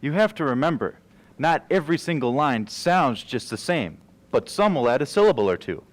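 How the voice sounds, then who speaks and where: A man's voice: medium pitch, very animated, normal speed, lightly acted. A young man playing a troupe member who opens a school stage play, reciting in a theatrical way. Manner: theatrical, verse-reciting delivery.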